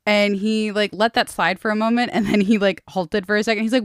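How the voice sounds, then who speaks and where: A woman co-hosting a casual book-club podcast, sarcastic and animated, swearing freely. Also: mid-range voice, brisk, hardly any pauses, dry recording, studio quality. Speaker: podcast co-host.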